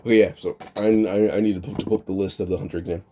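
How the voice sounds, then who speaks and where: A man's voice: sits low, fairly even intonation, racing, warm tone, a little hiss or hum. A man casually retelling an imagined anime storyline off the cuff, rambling with frequent restarts and filler words.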